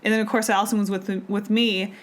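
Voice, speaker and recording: A woman's voice: medium pitch, level tone, fast talker. A woman co-hosting a podcast, chatting casually and rambling with lots of fillers. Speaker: podcast co-host. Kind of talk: casual chat.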